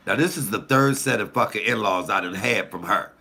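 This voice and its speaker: A man, a comedian, telling profane, animated stories casually to his channel's viewers. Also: on the low side, a little fast, vocal fry, husky. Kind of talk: casual storytelling to camera.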